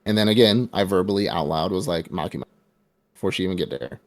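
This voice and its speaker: A man's voice: low-pitched, fast, dry recording. A man co-hosting a casual movie review podcast, retelling scenes with lots of laughter and acting out the characters' lines. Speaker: podcast co-host.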